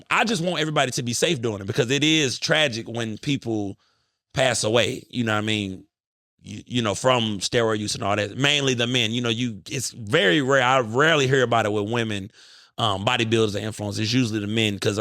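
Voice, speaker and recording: Man, podcast host, animated and profane, fairly high voice, dry sound. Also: dry recording. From United States. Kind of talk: casual podcast chat.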